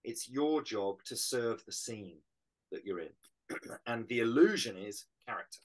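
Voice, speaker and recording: A middle-aged British man, an actor, talking through his craft in a casual interview, animated and reflective. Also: medium pitch, unhurried. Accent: British English. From Britain. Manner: animated, reflective, explains with images. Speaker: actor guest. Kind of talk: casual interview on a video call.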